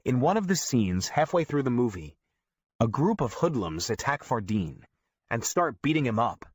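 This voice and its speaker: A man reads a memoir aloud, his pitch rising and falling in an animated storytelling way. The sound is dry and close-miked, with no room around it. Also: normal speed, husky, dry recording. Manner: lively, storytelling. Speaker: audiobook narrator. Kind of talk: scripted narration.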